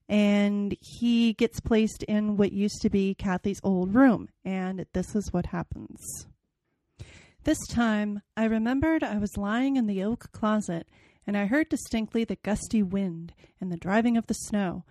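A woman's voice: mid-range voice, unhurried, darkish tone, no room sound. A woman hosting a podcast, chatting casually and reading a novel passage aloud with dramatic expression. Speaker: podcast host.

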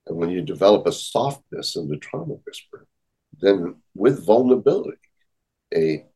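A man's voice: low voice, a little mellow, slightly rough, rough recording. A man, a therapist and author, speaking earnestly and reflectively as a podcast guest, often repeating his key points. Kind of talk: conversational interview.

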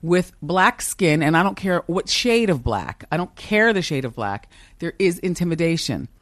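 A woman in her fifties with a strong, commanding voice pitched a little low talks candidly in an interview. She is animated and emphatic and laughs often. The sound is close and dry, recorded in an office. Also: normal speed, dry recording. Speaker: talk show host as podcast guest. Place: office with a kitchen upstairs.

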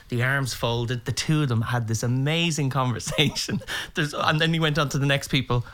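A middle-aged Irish man chatting casually as a podcast guest, telling lively anecdotes and acting out the voices of people in them. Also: mid-range voice, normal speed, few pauses. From Ireland. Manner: animated, acts out voices in anecdotes. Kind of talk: casual storytelling chat.

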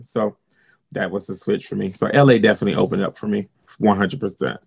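A man's voice: fairly low pitch, fairly quick, vocal fry, breathy edge. A man from South Carolina with a Southern US accent, a drag performer telling stories in an interview with sass and flair. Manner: sassy, expressive, sprinkles in "honey" and "girl". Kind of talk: candid storytelling interview.

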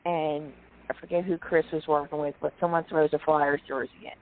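A woman telling lively stories in casual chat, quoting people and clearing her throat often. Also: sits low, moderate pace, slight background noise. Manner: animated anecdotes, quoting others, frequent throat clearing. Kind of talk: casual storytelling on a call-in chat. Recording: tinny phone line.

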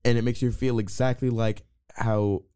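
A man's voice: mid-range voice, level tone, normal speed, mellow, clean tone, dry recording, clean studio sound. A young man co-hosting a podcast, chatting casually about a movie, rambling with many restarts and playful banter. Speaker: podcast co-host. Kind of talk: casual movie review chat.

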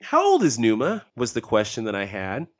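A man in a casual podcast chat talks in a rambling way, pushing his points with animated emphasis. His pitch sits in the middle range for a man. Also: moderate pace. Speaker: podcast co-host. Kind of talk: casual discussion.

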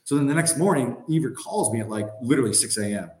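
A man's voice: medium pitch, lively intonation, fast, darkish tone, reverberant. A man in his thirties, a podcast guest and former hockey player, telling a long story in a rambling, filler-heavy way. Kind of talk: casual anecdote telling.

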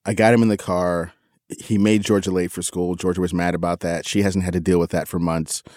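A man's voice: sits low, little pitch movement, fairly quick, darkish tone, no echo, clean studio sound. A middle-aged man casually telling a personal story as a podcast co-host, candid and self-critical, rambling with restarts.

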